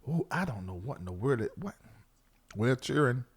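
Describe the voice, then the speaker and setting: A man hosting a live talk show, preaching and scolding theatrically with sudden shouts. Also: mid-range voice, sing-song, normal speed, husky.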